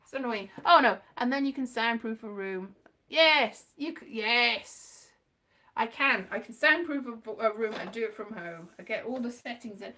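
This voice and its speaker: A woman's voice: a little high, animated, normal speed, pushed and bright. A woman vlogger rambling casually to her viewers, giggly and self-mocking.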